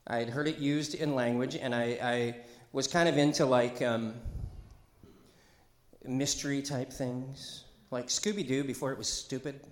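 A middle-aged male pastor delivers a loose, conversational sermon in a church. He jokes, wanders into asides and calls out to the congregation for responses, with a voice of ordinary pitch. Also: fairly even intonation, unhurried, roomy sound. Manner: chatty and joking, with asides and call-and-response. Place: church sanctuary.

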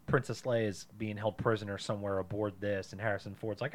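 A man co-hosting a podcast, chatting casually and profanely about a film and tossing in quick one-liners. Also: on the low side, steady tone. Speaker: podcast co-host. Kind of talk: casual movie-review chat.

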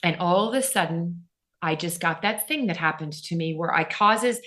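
A middle-aged woman telling a personal story as an interview guest, earnest and animated, often turning to the host. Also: fairly low pitch, moderate pace.

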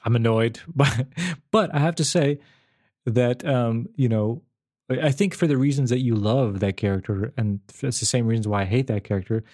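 A man in casual conversation, talking in a rambling, animated way with frequent restarts and laughs. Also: mid-range voice, moderate pace. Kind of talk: casual chat.

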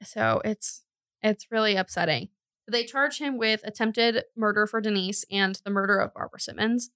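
A woman's voice: mid-range voice, normal speed, fairly bright tone, dry recording, clean studio sound. A woman hosting a casual true crime podcast, telling the case and laughing often at the grim details.

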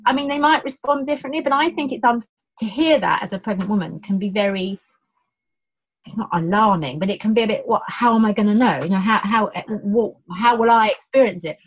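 A middle-aged woman, a birth educator, explaining labour in casual conversation, animated, acting out quotes with many restarts. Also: medium pitch, fairly quick, slightly rough, low-quality recording.

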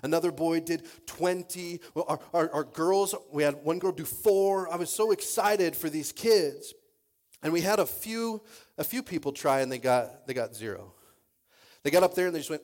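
Slightly high-voiced male pastor preaching. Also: normal speed. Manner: restarts sentences, repeating words; prays and reads in a soft, low voice. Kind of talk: sermon with scripture reading.

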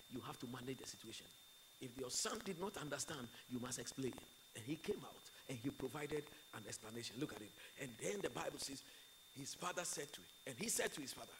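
A man preaching a sermon, impassioned, swinging between loud declarations and quiet asides. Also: a little high, lively intonation, brisk, vocal fry, slight background noise, low-quality recording. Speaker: pastor.

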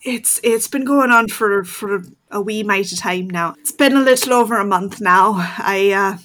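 A woman's voice: mid-range voice, normal speed, a bit bright, natural voice. A woman voicing a weary, secretive female werewolf cleric who talks in a pleading, apologetic way. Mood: urgent.

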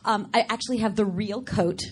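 A woman's voice: mid-range voice, brisk. A woman guest on a live podcast, bubbly and teasing, chatting animatedly on stage. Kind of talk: playful live podcast chat. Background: audience crowd noise.

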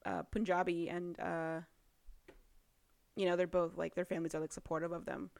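Chatty woman with a low voice. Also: little pitch movement, normal speed, vocal fry, darkish tone, dry recording. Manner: chatty, lots of fillers like "like", often laughing. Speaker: podcast co-host recapping a book. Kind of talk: casual chat.

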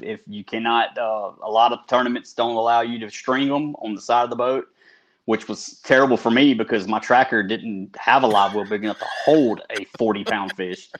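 A man's voice: medium pitch, steady tone, brisk. A man from South Carolina, a podcast guest talking fishing in a laid-back way. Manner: laid-back, says "man" and "bro" a lot. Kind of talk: casual podcast chat.

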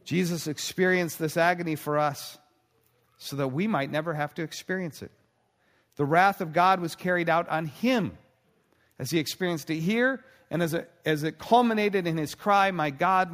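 A man preaching a sermon in an earnest voice, slowing down and pausing for dramatic emphasis. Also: on the high side, a bit bright, long reverb tail. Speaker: pastor.

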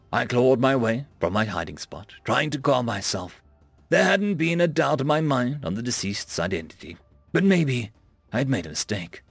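A man's voice: medium pitch, vocal fry, no room sound. A man narrating a first-person science fiction story in a wry, conversational way, close to the mic. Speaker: audiobook narrator.

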